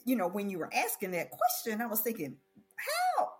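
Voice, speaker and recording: A woman in her forties speaks as a podcast guest, her mid-range voice relaxed and unhurried. She pauses to think and uses hesitant fillers as she recalls things. Faint music sits behind her. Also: mid-range voice. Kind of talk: casual conversation.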